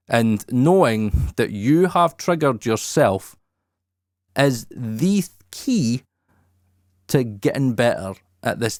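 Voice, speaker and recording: A man's voice: fairly low pitch, dry recording, clean studio sound. A man hosting a podcast, talking openly and reflectively and swearing casually. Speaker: podcast host. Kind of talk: candid podcast talk.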